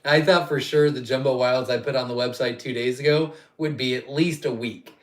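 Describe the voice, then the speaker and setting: A man's voice: medium pitch, fairly even intonation, moderate pace. Chatty man hosting a live Q&A. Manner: chatty and rambling, reads viewer questions aloud and answers off the cuff. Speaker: quail farm owner hosting a live Q&A. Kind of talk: casual live-stream Q&A.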